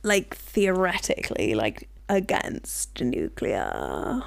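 Lower-pitched woman, blunt podcast co-host. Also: huge pitch swings, slow pace, gravelly. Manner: blunt and swearing, explains policy with conviction. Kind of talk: casual podcast chat.

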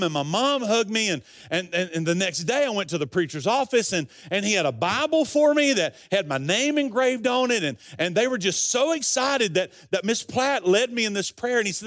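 Middle-aged pastor guy preaching, high voice, folksy storyteller, dry close sound. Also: a bit bright, dry recording. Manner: folksy storytelling preacher, retells a story in long quoted runs; earnest, pleading emphasis. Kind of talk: sermon.

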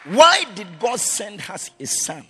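A man preaching a sermon as pastor, swinging between loud shouted lines and quiet, low storytelling. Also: huge pitch swings, takes it slowly, husky, soft background music.

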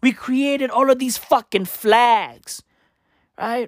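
A woman's voice: a little high, slow pace, no room sound, studio quality. Profane rambling woman in a comedic rant. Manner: repeats filler tags.

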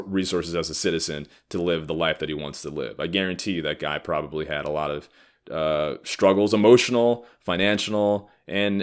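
A man in his thirties hosting a solo podcast, talking bluntly and profanely in a heated, animated rant. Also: deep voice. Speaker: podcast host. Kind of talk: solo ranting podcast talk.

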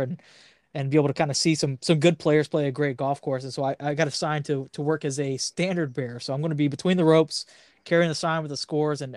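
A man co-hosting a podcast, chatting casually in a halting way with many restarts. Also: on the high side, darkish tone, no room sound, studio quality. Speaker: podcast co-host. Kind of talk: casual interview chat.

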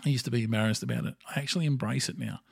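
This is a middle-aged Australian man ranting his opinions on a solo podcast, bluntly and with plenty of swearing. His voice is gravelly and a bit husky. The sound is dry and close, with no room echo. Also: medium pitch, very fast. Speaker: podcast host.

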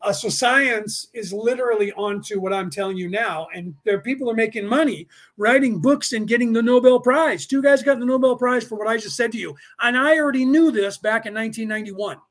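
Middle-aged male teacher, high voice, casual rambling lecture style, prone to digressions. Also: fairly quick, few pauses, a bit bright. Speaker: class teacher and podcast host.

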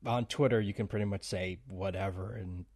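A man's voice: deep voice, steady tone, moderate pace, crowd noise. A man hosting a podcast interview in a laid-back, casual way, swearing and laughing often. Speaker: podcast host.

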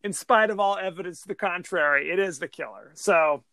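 A man's voice: high voice, fairly quick, no room sound. A man co-hosting a podcast, chatting in a jokey, rambling way about a film. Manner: animated, jokey, rambling with restarts. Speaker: podcast co-host. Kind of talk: casual film discussion chat.

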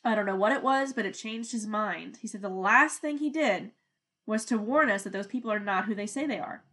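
A young woman co-hosting a podcast in casual chat, animated, laughing often and swearing freely. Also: medium pitch, brisk, husky. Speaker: podcast co-host.

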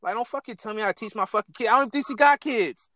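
High, bright-voiced man ranting. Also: very fast, dry recording. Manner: heated, profane ranting with laughs. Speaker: parent venting about a teacher. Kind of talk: casual profane chat.

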